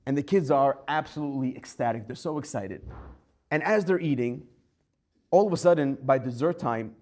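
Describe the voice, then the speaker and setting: A man, a rabbi giving a Torah class, telling a story with lively acted-out quotes. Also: medium pitch, brisk.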